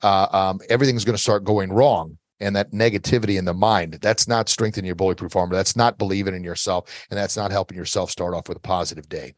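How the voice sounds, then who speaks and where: A man's voice: sits low, fairly even intonation, fast talker, hardly any pauses, no echo. A middle-aged man giving earnest, motivational self-defense advice as an interview guest, coaching listeners and repeating his key phrases.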